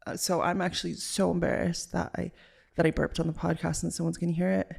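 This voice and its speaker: A young woman from Los Angeles, Southern California, hosts a casual solo podcast, chatty and loose in a valley-girl style with lots of "like" fillers. Her voice sits on the low side with little pitch movement, a quick pace, vocal fry, and a darkish, husky tone.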